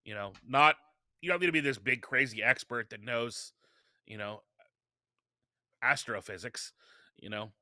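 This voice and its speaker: Forceful, bright-voiced man telling stories. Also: medium pitch, measured pace, pauses often, dry recording, studio quality. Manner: energetic storytelling with frequent restarts. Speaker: podcast guest. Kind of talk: casual interview talk.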